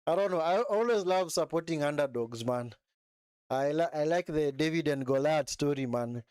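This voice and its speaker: Guy streaming a football match, kinda high voice, super clear, chats with the viewers and keeps saying man. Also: moderate pace, a little mellow, dry recording, clean studio sound. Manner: chatty, often ends phrases with "man", answers viewers in chat. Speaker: live stream host. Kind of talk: casual football watch-along commentary and chat.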